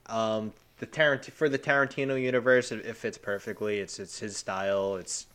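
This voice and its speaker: A man's voice: fairly low pitch, steady tone, moderate pace, a bit bright. A man co-hosting a casual movie podcast, rambling through restarts and laughing often. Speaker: podcast co-host.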